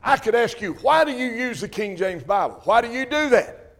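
Preacher, man, high-pitched, fervent and repetitive, pulpit sermon. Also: big pitch swings, moderate pace. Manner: emphatic, repetitive, rising to shouts. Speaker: Baptist preacher.

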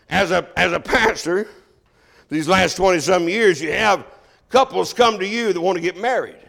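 A man's voice: high voice, creaky, fairly bright tone. An older man preaching a sermon as pastor, folksy and joking.

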